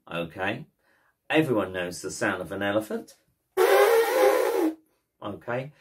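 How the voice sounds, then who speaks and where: A man teaching ukulele in a cheeky, playful, jokey way, talking the class through chords and strumming. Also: lowish voice. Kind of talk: casual instructional talk.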